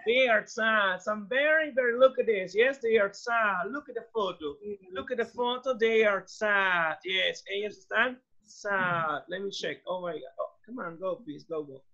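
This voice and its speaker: A woman teaching English, slowly repeating phrases for students to echo and mixing in Spanish. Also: medium pitch, a bit bright. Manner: switches between English and Spanish. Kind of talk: classroom drilling. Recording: dull lo-fi sound.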